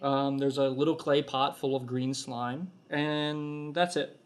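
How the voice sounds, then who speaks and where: A man running a tabletop game as game master, narrating with many ums and pauses. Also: medium pitch, steady tone, background noise. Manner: hesitant with many ums, voices the kobolds.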